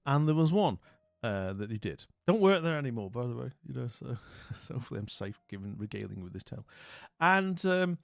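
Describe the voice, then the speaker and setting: A man from Britain, hosting a channel, relates a casual anecdote, rambling along with lots of asides and self-deprecating jokes. He speaks a little fast at medium pitch, with big pitch swings and vocal fry, in a studio-quality recording without echo.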